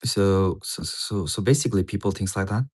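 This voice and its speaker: Low-voiced man rambling on a livestream. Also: moderate pace, darkish tone, husky. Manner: rambling, repeats words, swears casually. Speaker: livestreamer reading a paper. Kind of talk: casual livestream commentary.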